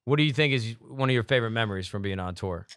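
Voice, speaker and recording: A man co-hosting a podcast, asking questions and cracking relaxed jokes. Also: mid-range voice, very fast, no echo, clean studio sound. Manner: relaxed, wisecracking, interviewer. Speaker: podcast co-host. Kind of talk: casual podcast chat.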